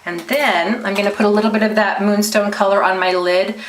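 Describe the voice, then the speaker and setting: A woman's voice: medium pitch, steady tone, a little fast, slight background noise. A woman giving a casual makeup tutorial, chatty and explaining each step with small restarts. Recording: roomy echo.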